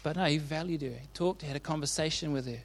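Casual male preacher, slightly high voice, chatty, keeps asking the room "right?". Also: fast talker. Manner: chatty and informal, often checks in with the audience. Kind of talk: casual sermon retelling Bible stories.

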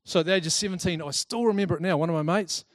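A man giving a talk to a live audience, lively and chatty, telling personal stories and acting out the people in them. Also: high-pitched, racing, no echo, studio quality. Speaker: speaker presenting to a group.

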